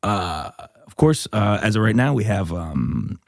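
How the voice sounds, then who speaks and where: A man's voice: fairly low pitch, big pitch swings, unhurried, dry recording, studio quality. A man hosting a comedy podcast, chatting loosely, rambling and laughing often. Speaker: podcast host. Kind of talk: casual comedy podcast chat.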